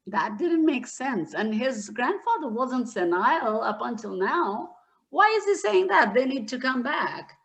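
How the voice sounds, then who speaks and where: Woman storyteller, fairly high voice, slow and dramatic retelling. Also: animated, a bit bright. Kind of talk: spoken storytelling.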